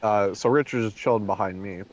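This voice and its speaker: A man's voice: lowish voice, brisk, lo-fi sound. Rambling man telling a story. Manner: rambling, many fillers, acts out quotes. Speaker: co-host. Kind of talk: casual chat, anecdote.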